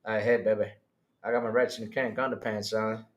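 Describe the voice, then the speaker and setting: A man voicing a sleazy flirting man in a low, crooning, seductive drawl. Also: flat delivery, quick pace, dull audio, close to an everyday voice. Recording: roomy echo.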